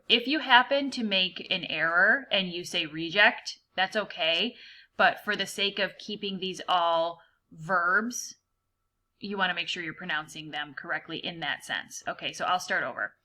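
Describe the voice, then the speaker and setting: Bright-voiced woman teacher explaining pronunciation. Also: lowish voice. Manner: patient, explains pronunciation slowly and clearly. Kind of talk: recorded reading lesson for students.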